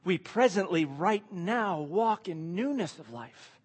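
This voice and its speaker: A man's voice: high voice, expressive, takes it slowly, breathy edge. A man preaching a sermon, asking the congregation questions and stressing key words. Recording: long hall reverb.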